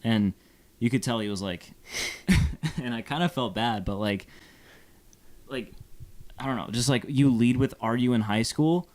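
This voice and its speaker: A man's voice: medium pitch, a little slow, long pauses, a little mellow. A young man from Phoenix, co-hosting a podcast and telling a story in a casual, rambling way with plenty of fillers. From Phoenix, Arizona. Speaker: podcast co-host. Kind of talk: casual chat.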